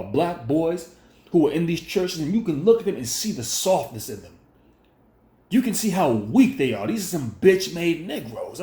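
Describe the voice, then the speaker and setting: Man vlogger, raised-pitch confrontational rant, echoey room sound. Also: a little mellow. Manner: confrontational, preachy, repetitive. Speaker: commentary vlogger. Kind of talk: ranting monologue commentary.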